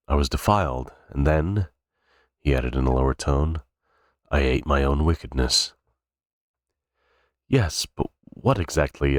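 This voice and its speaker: A man's voice: extremely low pitch, no echo, clean studio sound. A man reading a novel aloud unrehearsed, stumbling and restarting words now and then. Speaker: reader. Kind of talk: cold-read audiobook narration.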